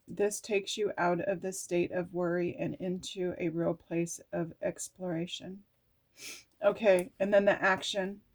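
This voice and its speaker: A woman's voice: fairly low pitch, a little mellow. A woman reading oracle cards and her own journal notes aloud, emotional and musing, now and then swearing casually. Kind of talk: slow personal reflective talk, reading aloud from cards and journal.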